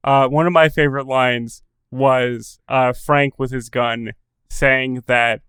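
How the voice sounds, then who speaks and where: A man's voice: medium pitch, takes it slowly, clear, resonant tone, dry recording. A man co-hosting a podcast, chatting casually about a TV episode and acting out quotes with laughs. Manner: animated, laughs often, acts out quotes. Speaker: podcast co-host. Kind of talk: casual chat recapping a TV episode.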